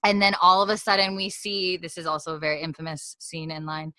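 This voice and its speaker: Woman, podcast co-host, animated retelling, quick character voices, bright tone, dry sound. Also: lowish voice, no echo. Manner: acts out the characters' lines in quick put-on voices. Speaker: podcast co-host recapping an episode. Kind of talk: casual chat, animated retelling.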